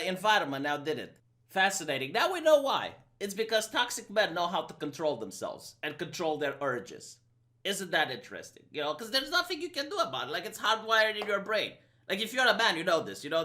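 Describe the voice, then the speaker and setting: A man's voice: high voice, sharp tone. A man with a Romanian accent, a streamer giving an argumentative, sarcastic opinion monologue. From Eastern Europe. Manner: sarcastic, argumentative, quick mock impressions.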